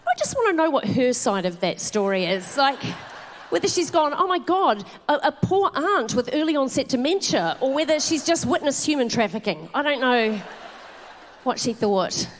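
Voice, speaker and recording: A New Zealand woman in her forties performs live stand-up on a theatre stage, spinning swearing anecdotes in a high, bright register. Her pitch swoops widely as she acts out scenes, with stage-mic presence. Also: normal speed, slight background noise. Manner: animated storytelling with swearing and laughter. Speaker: stand-up comedian.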